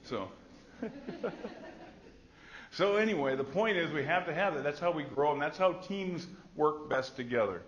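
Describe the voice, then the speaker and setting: A man's voice: fairly high pitch, expressive, fairly quick, hardly any pauses, lo-fi sound. A middle-aged man, a nursing instructor, giving a classroom lecture in a conversational way, telling stories and acting out quoted remarks. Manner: conversational, storytelling with acted quotes.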